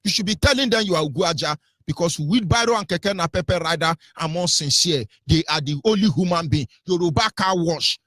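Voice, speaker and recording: A man's voice: on the high side, fairly quick, hardly any pauses, fairly bright tone, no echo, clean studio sound. A man with a Nigerian accent giving impassioned, mocking political commentary on the radio. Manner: fiery, mocking, mimics voices.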